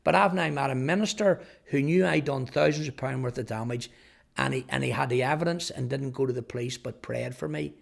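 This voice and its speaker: A man's voice: mid-range voice, a little fast, vocal fry. A man telling his personal testimony in an earnest storytelling way, often repeating words. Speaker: testimony speaker.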